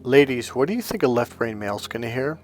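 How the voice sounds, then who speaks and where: A man's voice: medium pitch, expressive, quick pace, darkish tone. Emphatic preachy man over faint music. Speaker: life coach. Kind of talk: motivational monologue.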